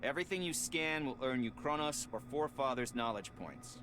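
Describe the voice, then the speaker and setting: An actor playing a stern, precise scientist instructor who speaks in a cold, clipped, authoritative way. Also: male voice, mid-range voice, lively intonation, fairly quick, noisy background, lightly acted.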